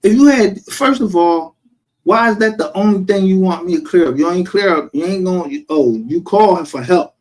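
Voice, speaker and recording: A man's voice: high voice, normal speed, darkish tone. A man streaming a casual, profane rant, heated and defensive.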